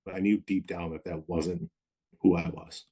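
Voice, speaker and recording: Deep flat-voiced man, husky. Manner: reflective, measured, many pauses and hedges. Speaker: podcast guest, pharmacist in recovery. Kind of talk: candid interview storytelling.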